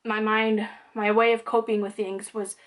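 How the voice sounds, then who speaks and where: A woman's voice: medium pitch, flat delivery, moderate pace. A young woman talking candidly to camera in a personal vlog, conversational and loose, with plenty of "like" and "um". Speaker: vlogger.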